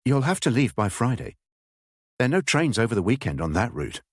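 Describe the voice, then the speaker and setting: A man's voice: medium pitch, big pitch swings, a little fast, dry recording, clean studio sound. A man voicing a curt, wary English village schoolteacher woman who speaks in a clipped, firm way. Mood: firm, brisk.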